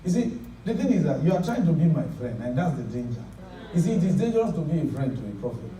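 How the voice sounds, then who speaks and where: A man's voice: fairly high pitch, big pitch swings, fast talker. A man preaching a sermon, telling stories with laughing asides and leading the crowd in prayer. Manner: anecdotal, laughing asides, shouts prayer lines for the crowd to repeat. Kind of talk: sermon with call-and-response prayer. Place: large church hall with congregation. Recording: echoey hall, distant, loud crowd.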